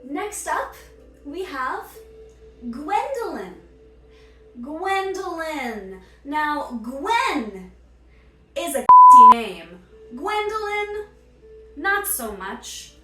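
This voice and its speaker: A woman's voice: high-pitched, sing-song, very slow, bright, forceful tone, far from the mic. A woman doing a comic skit as a teacher, punning on names and scolding her pretend class in a playful, mock-stern way. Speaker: sketch comedian playing a teacher. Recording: echoey room, off mic, faint music.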